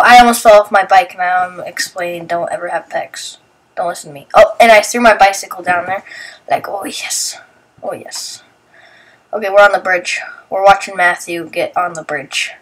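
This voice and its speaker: Recorded from a distance, a young woman with a medium-pitched voice rambles through a casual voice-over for her vlog clips. Sleepy and just out of bed, she chats about what her friends are doing, narrating their actions and acting out their lines.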